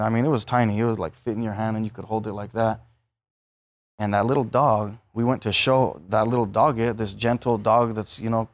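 A man preaching a sermon, telling everyday stories and acting out the voices of the people in them. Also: mid-range voice. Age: adult, married.

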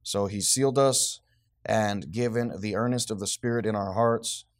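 A man leading a Bible study with a small group, reading scripture aloud with rising force and then explaining it in a relaxed, conversational way. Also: fairly low pitch, moderate pace. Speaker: Bible teacher.

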